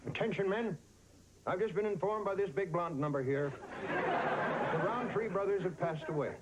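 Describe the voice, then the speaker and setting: A man's voice: high-pitched, brisk, lo-fi sound, over a noisy crowd, heavy background noise, close to an everyday voice. An actor playing a pompous old general who blusters at his men. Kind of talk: sitcom acting.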